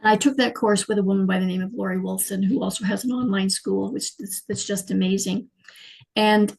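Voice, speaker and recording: A middle-aged woman, telling her life story as an interview guest in an animated, emotional way. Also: mid-range voice, vocal fry, rough recording. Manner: animated, emotional, frequent fillers and restarts. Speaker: guest, clairvoyant healer.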